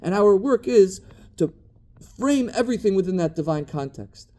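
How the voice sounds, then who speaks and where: Dark-voiced man teaching Talmud. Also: high voice, lively intonation, normal speed. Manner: reads Hebrew and Aramaic text, then translates phrase by phrase; thoughtful, searching for words mid-sentence. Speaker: Torah teacher. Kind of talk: Talmud study lecture.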